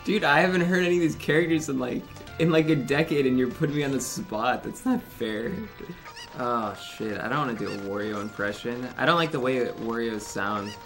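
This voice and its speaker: A man's voice: medium pitch, lively intonation, fairly bright tone. Profane rambling young male streamer. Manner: profane, rambling, quick to laugh. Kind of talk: casual livestream commentary. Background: game music.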